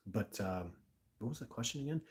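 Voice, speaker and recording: A man's voice: fairly low pitch, expressive, brisk, darkish tone. A man from Canada hosting a livestream, chatting through viewer comments in a talkative, blunt and emphatic way. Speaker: livestream host. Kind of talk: live-stream chat answering viewer comments.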